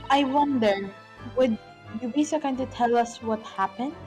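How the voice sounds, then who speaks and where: A woman voicing a polite young female legal assistant, formal and measured. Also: on the high side, a little mellow, faint music behind, lightly acted.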